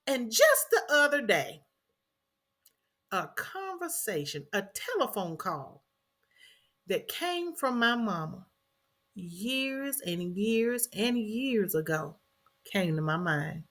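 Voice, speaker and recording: A woman's voice: fairly high pitch, sing-song, slow, long pauses, a bit bright. A middle-aged woman, earnestly telling a personal story as a podcast host and repeating phrases for emphasis.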